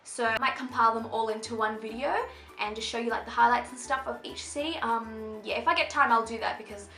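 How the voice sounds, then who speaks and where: A bright, high-pitched young woman in her twenties chats her way through a clothing haul, bubbly and rambling. Her voice is picked up by a camera mic in a roomy, echoing space, with faint music playing underneath. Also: fairly even intonation, fairly quick. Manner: bubbly, chatty, rambling with many asides. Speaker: fashion vlogger. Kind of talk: casual shopping haul chat.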